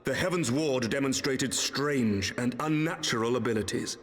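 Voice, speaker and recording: An actor playing an earnest young male knight commander in a video game, speaking gravely and formally over game music. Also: medium pitch, normal speed, lightly acted. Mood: solemn. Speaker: game character voice.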